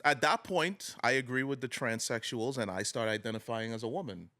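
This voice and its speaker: A man co-hosting a podcast in casual chat, teasing the others and quick to laugh. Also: mid-range voice, bright, forceful tone. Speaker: podcast co-host.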